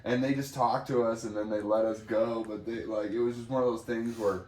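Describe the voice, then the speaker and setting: A man's voice: fairly low pitch, a little fast, echoey room. A man telling a funny story in casual podcast chat, acting out voices and laughing. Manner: animated, acts out quoted voices with laughter. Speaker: podcast co-host.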